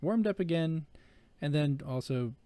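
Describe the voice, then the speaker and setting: A man's voice: on the high side, lively intonation, unhurried, mellow, dry recording. A man co-hosting a podcast in casual chat, joking, laughing often and rambling with fillers. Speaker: podcast co-host.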